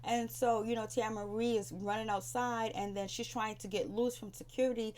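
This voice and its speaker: A woman's voice: on the high side, steady tone, moderate pace, darkish tone. A woman casually recapping a TV episode on her vlog, rambling with lots of fillers and acting out what people said. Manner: chatty and rambling, with many "you know, um" fillers; acts out quoted lines in raised voices. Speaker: TV show recap vlogger. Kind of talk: casual spoken show recap.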